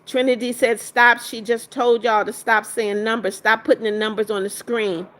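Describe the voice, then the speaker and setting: A woman's voice: a little high, little pitch movement, normal speed, a bit bright. A woman hosting a casual livestream, reading viewers' comments aloud, greeting them and firmly sending out trolls. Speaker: livestream host.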